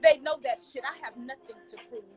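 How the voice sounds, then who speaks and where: Intense high-voiced woman performing spoken word. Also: quick pace, a little mellow, soft background music, rough recording. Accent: Southern American. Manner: rhythmic, declamatory, intense. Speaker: poet.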